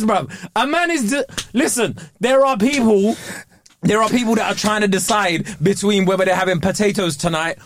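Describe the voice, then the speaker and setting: A man co-hosting a podcast in casual chat, ranting animatedly with drawn-out exclamations. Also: sits high, a bit bright, a little hiss or hum. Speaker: podcast co-host.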